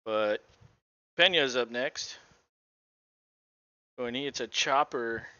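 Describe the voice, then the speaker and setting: Man, casual play-by-play, slow, bright voice, dull lo-fi sound. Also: mid-range voice, no room sound. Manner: laid-back, sarcastic asides. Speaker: podcast co-host.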